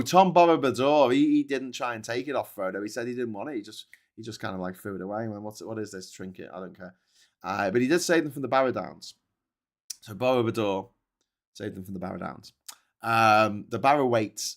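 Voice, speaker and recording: A man's voice: mid-range voice, a bit bright. A man hosting a live news commentary stream, rambling and jokey, often correcting himself. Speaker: show host. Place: seated in his own show chair.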